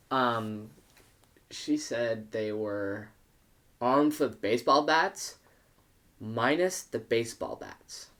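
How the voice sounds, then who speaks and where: A young man, a podcast guest, telling a party story in casual chat, swearing and acting out quotes. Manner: animated, profane, acts out quotes with big pitch jumps.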